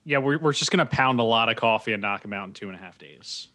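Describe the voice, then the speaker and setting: A man's voice: medium pitch, expressive, fast, pushed and bright. A man co-hosting a casual podcast, making dry jokes and rambling asides. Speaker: podcast co-host.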